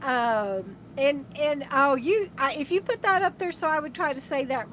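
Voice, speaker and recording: A woman's voice: high voice, expressive, moderate pace, a bit bright, slight background noise. A woman hosts a casual RV live stream from inside her camper, reading viewer comments aloud in an affectionate, rambling way with many restarts. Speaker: RV travel vlogger, host of a live stream.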